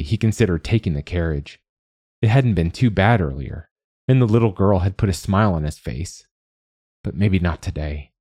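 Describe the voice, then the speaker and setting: A man reading a story aloud in scripted narration with a measured, even delivery. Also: low voice, dry recording, clean studio sound.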